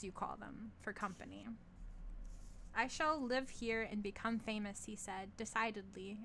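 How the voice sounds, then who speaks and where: A woman's voice: fairly high pitch, fairly bright tone, a little hiss or hum. A woman reading a short story aloud, stumbling over foreign words and laughing at herself now and then. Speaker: reader of stories.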